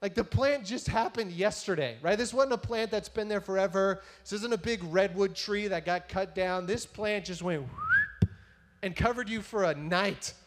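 A man's voice: sits high, moderate pace, a little hiss or hum. A man giving a casual, joking sermon, retelling a story and often tagging his sentences with "right?".

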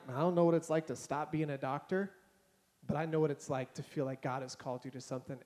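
A male pastor preaching a casual, conversational sermon to a congregation and acting out conversations as he tells stories. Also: medium pitch. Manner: conversational, animated, acts out dialogue. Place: church hall before a congregation.

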